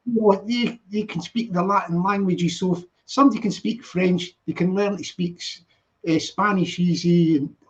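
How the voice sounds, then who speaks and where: A British man hosting a casual chat, agreeable and halting, restarting his sentences often. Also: high-pitched. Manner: agreeable, backchannels "yeah" a lot, halting. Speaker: host of a live stream. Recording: dull lo-fi sound.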